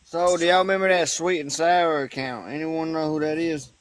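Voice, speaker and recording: A man's voice: fairly high pitch, steady tone, moderate pace, dry recording. A man chatting casually on a livestream, recounting gossip about an online account. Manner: storytelling, casual.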